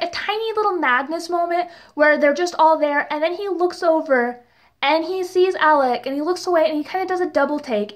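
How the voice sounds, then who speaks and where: Young woman, high voice, casual review vlog, chatty, gushing, exasperated asides. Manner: chatty and gushing, full of "like" fillers, exasperated rhetorical questions. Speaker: TV and book reviewer.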